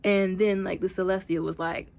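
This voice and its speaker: A woman's voice: medium pitch, fairly even intonation, normal speed, vocal fry, darkish tone. A woman giving a casual movie recap, chatty and informal, full of fillers and acted-out lines. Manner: chatty, many fillers, acts out characters' lines; informal speech with y'all. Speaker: movie reviewer.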